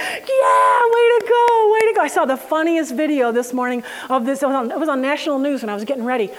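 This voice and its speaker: Woman, high voice, conversational sermon, animated, laughing storyteller, slow scripture reading. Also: poor audio. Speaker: Bible teacher.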